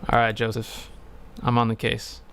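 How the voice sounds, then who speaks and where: Gravelly man rambling over a game. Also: mid-range voice, completely flat delivery, moderate pace, a bit bright, slight background noise. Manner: rambling, hesitant, swears casually. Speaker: streamer playing a game. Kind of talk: casual game commentary.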